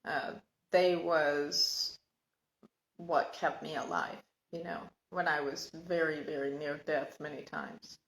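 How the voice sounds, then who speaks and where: Halting, reflective woman in an echoey room. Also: sits low, steady tone, a bit bright. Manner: halting, reflective, searching for words. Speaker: podcast host sharing personal story. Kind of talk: casual reflective monologue.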